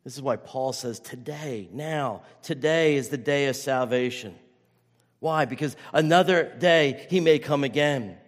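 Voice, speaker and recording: A man's voice: medium pitch, unhurried, big-room sound. A man preaching a sermon as pastor, earnest and urgent, often restarting his phrases.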